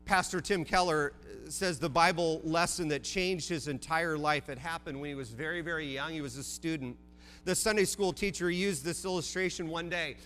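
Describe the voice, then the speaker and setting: Earnest, bright-voiced male preacher. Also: a little high, normal speed, big-room sound, soft background music. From Oregon, USA. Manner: earnest, conversational preaching with repeated questions and stammered restarts. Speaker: pastor. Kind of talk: sermon.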